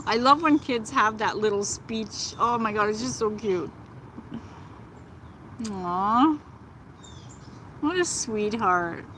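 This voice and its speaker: A woman chatting gently on a live stream from outdoors, laughing often. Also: medium pitch, lively intonation, drawn-out words, pauses often, slight background noise, low-quality recording. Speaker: vlogger. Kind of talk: casual live-stream chat. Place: outdoors in nature.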